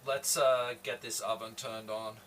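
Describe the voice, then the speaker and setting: A man's voice: medium pitch, background noise. A man from Adelaide with a slight Australian accent, chatting casually with his livestream viewers while he cooks. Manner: slow, relaxed, chatty, greeting viewers. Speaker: livestream host. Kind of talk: casual chat while cooking. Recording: voice somewhat far from the mic.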